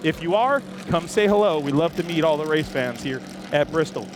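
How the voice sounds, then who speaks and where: A man's voice: on the high side, lively intonation, moderate pace. A man hosting live, enthusiastic walk-around commentary in an outdoor race-car garage, chatting with viewers while filming on a camera he holds himself. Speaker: host. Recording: noisy outdoor garage, engines running. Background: engines and garage noise.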